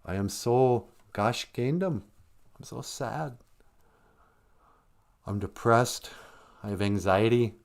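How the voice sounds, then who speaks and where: A man's voice: mid-range voice, takes it slowly, creaky, long pauses. A man voicing a depressed, weepy male moth who pleads for help in a told joke. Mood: despairing. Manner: mournful, pleading.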